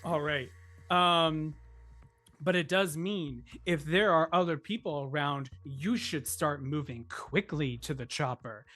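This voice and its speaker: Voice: medium pitch, slow pace, fairly bright tone. A game master narrating a tabletop scene in a casual way, with many ums and frequent laughter. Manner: laughs often, fillers like um.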